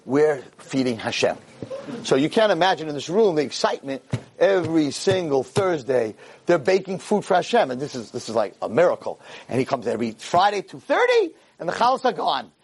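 A man telling a story in a lecture, animated and acting out the characters' voices. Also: a little high, brisk, breathy edge.

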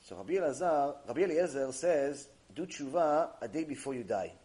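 A man giving a mussar lesson on Jewish ethics, animated and acting out little dialogues, reading Hebrew passages quickly. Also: fairly high pitch. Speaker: Torah teacher. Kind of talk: mussar lecture.

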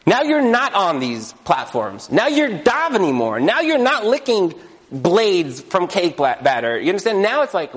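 A man giving a lively sermon as a rabbi, telling stories and acting out the voices in them. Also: sits high, normal speed. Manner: animated storytelling, acting out voices. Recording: long hall reverb.

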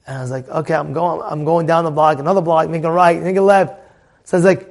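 High-voiced American man telling a story. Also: fast. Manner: animated, repeats phrases, acts out quoted dialogue. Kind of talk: casual personal storytelling.

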